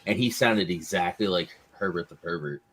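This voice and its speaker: Co-host: a laid-back man with a low voice, faint hiss behind. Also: moderate pace, a bit bright. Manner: laid-back anecdote telling. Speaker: podcast co-host. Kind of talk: casual chat.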